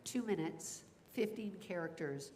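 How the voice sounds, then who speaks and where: A woman who teaches voice acting, speaking on a convention panel in an energetic, demonstrative way and laughing often. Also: lowish voice, measured pace, a little hiss or hum.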